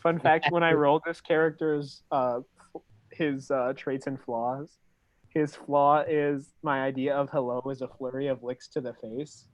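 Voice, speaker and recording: A tabletop game player chatting in a playful, excitable way. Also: mid-range voice, measured pace, highs cut off. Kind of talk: casual tabletop game chat.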